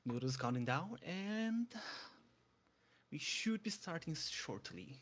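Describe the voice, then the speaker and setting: A man's voice: on the high side, big pitch swings, slow pace, a bit bright. Eager young man calling a speedrun. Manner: eager, stumbling restarts, chuckles. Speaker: speedrun commentator. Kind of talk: live game commentary.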